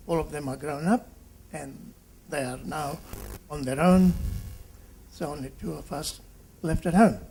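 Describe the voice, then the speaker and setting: A doctor in his seventies, from Fiji, speaks at a reunion in a husky, mellow voice. He talks haltingly, restarting phrases, and he brings the people he quotes to life. His voice sits a bit higher than most men's. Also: poor audio. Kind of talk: reunion speech, storytelling.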